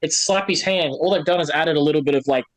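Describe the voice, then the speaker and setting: A man's voice: a little high, fast, poor audio. A man chatting casually on a podcast, sharing fun facts with his co-hosts. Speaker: podcast co-host.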